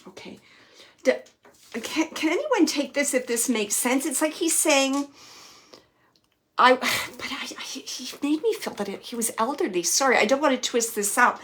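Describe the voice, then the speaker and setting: A high-pitched woman hosts a live chat as a psychic medium doing spirit readings. Chatty and full of laughter, she relays quoted messages with liveliness, then lowers to soft murmurs as she searches.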